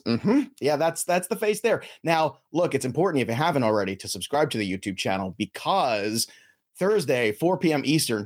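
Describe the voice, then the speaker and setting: A man hosting a fantasy baseball podcast, energetic and joking as he reads plugs and introduces guests. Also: mid-range voice. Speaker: podcast host.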